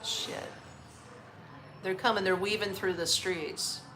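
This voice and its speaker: A woman's voice: medium pitch, steady tone, slow pace, sharp tone, a little hiss or hum. A middle-aged American woman on a live stream, chatting casually with viewers, blunt and laughing, swearing freely. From United States. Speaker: vlogger answering live chat.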